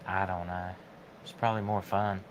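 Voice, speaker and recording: A man's voice: deep voice, level tone, moderate pace, a crowd in the background. A man co-hosting a casual livestream chat, joking in short interjections. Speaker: co-host.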